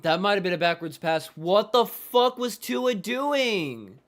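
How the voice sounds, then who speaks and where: A man runs a live football reaction stream, his voice sitting high for a man. He flips between muttered play-by-play and exasperated, swearing outbursts. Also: animated, unhurried. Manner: exasperated, swears constantly, shouts in disbelief. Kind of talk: live game reaction commentary.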